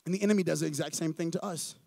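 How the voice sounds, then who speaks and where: A man's voice: a little high, very fast, vocal fry, no echo. A young man preaching a sermon in church, telling stories casually and acting out the characters, often restarting and repeating words. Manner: casual and animated, acting out quoted characters in storytelling. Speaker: pastor.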